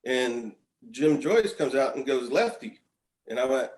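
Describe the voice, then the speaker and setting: A man in his fifties, a podcast guest, telling animated stories in casual chat, often chuckling and repeating words. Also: medium pitch, a little slow, low-quality recording. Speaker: podcast guest, former pitcher. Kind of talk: casual storytelling.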